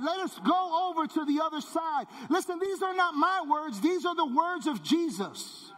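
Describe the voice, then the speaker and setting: High-voiced preacher in a reverberant hall. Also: male voice, lively intonation, normal speed, few pauses, a bit bright. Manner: emphatic preaching, repeats phrases, drops low for key words. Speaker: pastor. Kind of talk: sermon.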